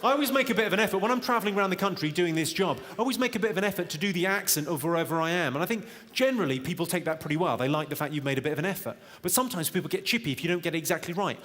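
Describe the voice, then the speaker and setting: On stage in a large theatre with a live audience, a man performs stand-up comedy in a high, rapid-fire voice with hardly any pauses. His wry delivery is built around punchlines and teases the crowd. The hall is echoey, and audience laughter is loud.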